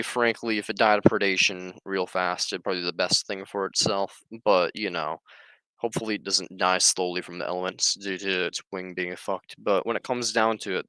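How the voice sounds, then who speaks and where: A man's voice: sits low, sharp tone, smooth, dry recording, low-quality recording. A young man talking in a rambling, offhand and profane casual monologue. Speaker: streamer.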